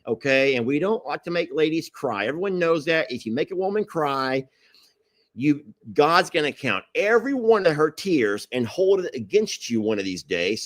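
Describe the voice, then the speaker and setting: Animated man telling a story. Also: mid-range voice. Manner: animated, apologetic, acts out quotes with laughs. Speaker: host telling a family story to live viewers. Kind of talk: casual storytelling livestream.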